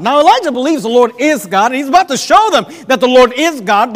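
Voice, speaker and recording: Male preacher, high voice, passionate sermon, swells to near-shouts, long church reverb. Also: animated, fairly quick, hardly any pauses. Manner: impassioned, rising to near-shouts on scripture.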